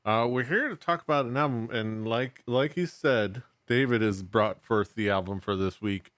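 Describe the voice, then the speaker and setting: A man hosting a music podcast with friends, relaxed and jokey. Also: medium pitch, normal speed, no room sound. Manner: relaxed, jokey, hesitant fillers. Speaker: podcast host. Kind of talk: casual chat.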